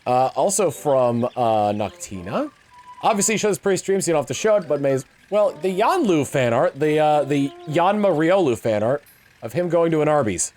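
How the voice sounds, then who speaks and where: A man's voice: a little high, sing-song, normal speed, a little mellow, faint music behind. A young man talking casually on a game livestream, rambling with lots of fillers and restarts. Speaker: game streamer.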